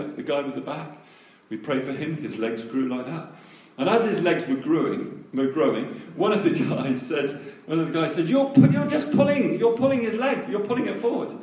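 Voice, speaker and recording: Male preacher, lively storyteller with big swings in pitch; recorded off-mic in a reverberant room. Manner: animated storytelling, acting out quoted voices. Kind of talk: testimony story in a sermon. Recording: echoey room, voice from a distance.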